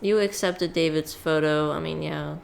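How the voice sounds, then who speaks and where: A woman streamer casually chatting through a game, sarcastic and quick to swear. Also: deep voice, fairly even intonation, gravelly, slight background noise. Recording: music playing loudly behind.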